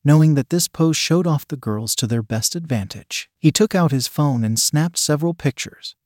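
A man narrating an erotic story in a steady, even reading manner. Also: on the high side, normal speed, no echo, clean studio sound.

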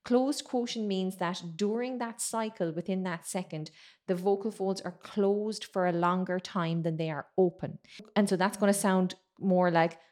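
A woman vocal coach giving a chatty singing lesson, explaining technique and breaking into quick sung and spoken demonstrations. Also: medium pitch, steady tone, darkish tone.

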